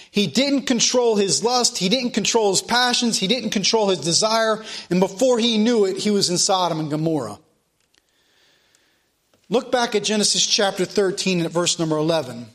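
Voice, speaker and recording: High-voiced preacher repeating his points. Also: a bit bright. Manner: preaching with emphatic repetition, reading scripture aloud. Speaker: pastor. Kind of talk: sermon.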